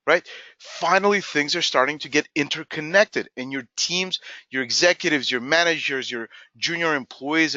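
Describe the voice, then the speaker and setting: Man presenting a webinar, energetic and emphatic, bright tense voice, dry lo-fi sound. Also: a little high, no room sound. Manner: energetic, emphatic, acts out quoted dialogue. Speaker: company CEO presenting a webinar.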